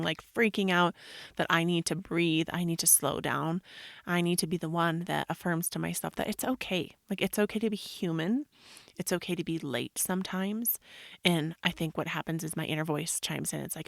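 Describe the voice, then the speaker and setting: A woman's voice: deep voice, fairly even intonation, normal speed, gravelly, a bit bright, no room sound, clean studio sound. A woman in her thirties, a yoga podcast host, talking in a rambling, confessional way with many "like" fillers. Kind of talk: casual personal monologue.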